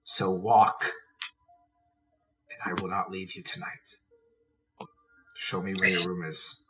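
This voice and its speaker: A man voicing a large, stern male vampire who speaks in a low, steady, firm way. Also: slow. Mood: soft, firm. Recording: distant mic with faint hiss.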